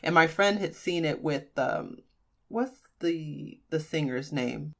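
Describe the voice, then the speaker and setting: A woman's voice: deep voice, takes it slowly, vocal fry. Chatty woman podcast co-host. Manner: chatty, animated storytelling with laughs. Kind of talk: casual chat.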